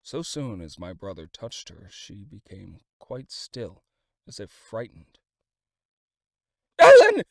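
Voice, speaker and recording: A male narrator reads a classic novel with dramatic expression, his low voice rising and falling in wide, lively arcs. The recording is dry and close, with no room sound at all. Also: measured pace, vocal fry, dry recording. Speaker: audiobook narrator. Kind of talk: scripted audiobook narration.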